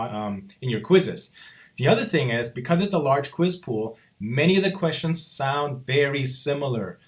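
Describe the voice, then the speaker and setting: A man teaching a college course in a recorded walkthrough, chatty and relaxed, checking in with "right?" after nearly every point. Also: mid-range voice. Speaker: college instructor. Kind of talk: recorded screen-walkthrough lecture.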